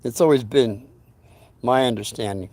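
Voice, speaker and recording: Heard in a dry recording, a man with a mid-range, darkish voice speaks at a moderate pace. As host of his own channel, he tells a rambling, folksy story that keeps breaking off into asides.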